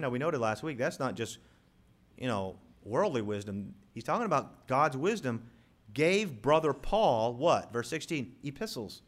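A man pastor preaching a sermon, reading scripture slowly and swelling loudly on key words as he teaches his congregation. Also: mid-range voice, animated. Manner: emphatic preacher, rising loud on key words, slows to read scripture. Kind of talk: sermon with live props.

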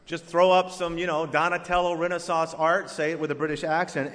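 A male pastor preaching a sermon, punching some words and letting others drop to a hush. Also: on the high side, big-room sound. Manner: emphatic preaching that swings between loud punches and hushed, drawn-out words.

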